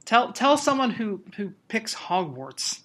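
A man with a bright, forward voice co-hosts a podcast. He talks in easy, casual chat, laughs often and rattles off plugs with a joking looseness. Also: high voice, very animated, slow pace. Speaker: podcast co-host.

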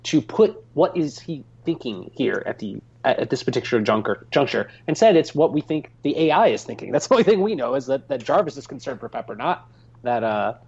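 A man on a film podcast panel, speaking in a halting way with frequent restarts. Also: mid-range voice, big pitch swings, a little mellow, husky, highs cut off. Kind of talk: casual film discussion.

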